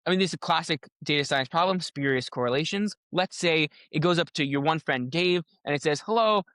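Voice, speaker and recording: Man, podcast guest, playful analogies, self-restarting, slightly high voice, dry close sound. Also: brisk, fairly bright tone, dry recording. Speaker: podcast guest, AI safety researcher. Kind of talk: casual explanatory chat.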